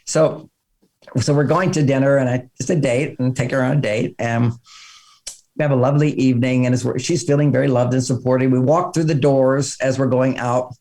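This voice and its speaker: Speaking at a medium pitch and a brisk pace, this older man is an author being interviewed. He spins his stories with animation, performing the voices of anyone he quotes.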